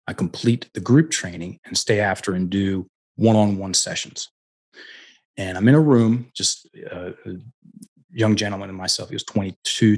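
A middle-aged coach speaks as a guest on a podcast through a headset mic, his voice low and slightly husky. He tells his stories with animation and acts out each character's lines as he goes. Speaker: guest, personal development coach. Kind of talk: storytelling in a podcast interview.

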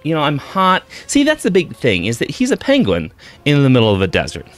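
A man's voice: mid-range voice, wildly swooping pitch, fast talker. A man telling a long, digressive joke, stammering and restarting often, in a rambling comic storytelling way. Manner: digressive, stammering, self-interrupting. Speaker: comedian telling a shaggy-dog joke.

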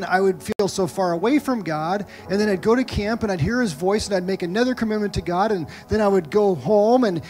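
High-voiced animated preaching man. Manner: animated storytelling, acts out quoted voices. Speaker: pastor. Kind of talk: sermon. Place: church sanctuary.

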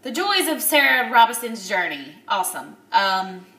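A woman in her thirties recording a personal video diary. She is upset and near tears, and she talks haltingly with many pauses and fillers. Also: on the high side, big pitch swings, pushed and bright, recorded from a distance. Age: 30s. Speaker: vlogger. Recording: roomy echo, a bit off-mic.

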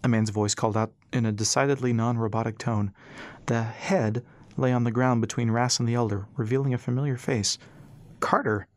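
A man reading an audiobook as narrator, in a steady storytelling manner. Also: mid-range voice, fairly quick, dry recording.

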